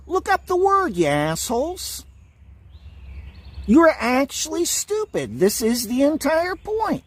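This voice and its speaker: Angry ranting man, wildly swinging pitch. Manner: angry, insulting, repetitive, swearing. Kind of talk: ranting monologue to camera.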